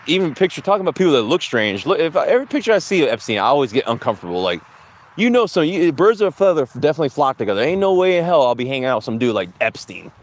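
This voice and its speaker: A man's voice: on the high side, big pitch swings, very fast. A man hosting a casual podcast while out on a walk, rambling, swearing and laughing often. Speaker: podcast host. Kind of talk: casual chat while walking outdoors.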